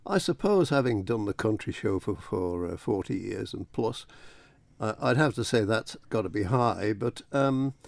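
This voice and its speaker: Gravelly radio man in a dry room. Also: fairly low pitch, animated, moderate pace, no room sound. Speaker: radio presenter. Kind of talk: casual interview reflection.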